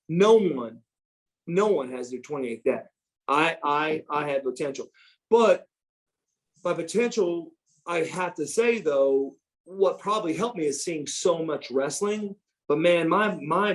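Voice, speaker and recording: Middle-aged American man, ex-wrestler guest, slightly high voice, lively profane storyteller. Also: rough recording. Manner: animated storyteller, swears freely, acts out quotes. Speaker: former pro wrestler guest. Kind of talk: shoot interview storytelling.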